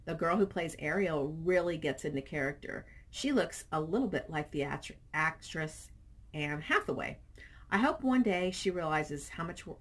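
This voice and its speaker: A middle-aged woman vlogging casually, chatting and reading viewer comments aloud in an animated storytelling way. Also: on the low side, normal speed.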